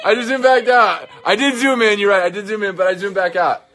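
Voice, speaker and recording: A man's voice: high voice, fairly quick, bright, forceful tone. A man hosting a casual livestream, teasing his guest and reading out viewer comments while holding the phone camera. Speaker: livestream host.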